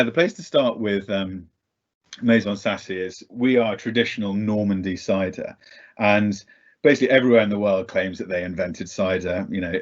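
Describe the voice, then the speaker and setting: A man giving a casual, chatty talk as a guest speaker over a video call, self-deprecating and full of ums. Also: low-pitched. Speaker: guest speaker for a cider brand. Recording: dull lo-fi video call audio.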